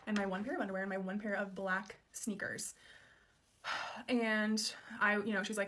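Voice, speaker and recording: Telling a personal childhood story, this late-twenties woman talks frankly and casually, leaning heavily on "um" and "like." She has a bright, forceful mid-range voice with a level tone and normal speed, and there's a little hiss or hum in the audio.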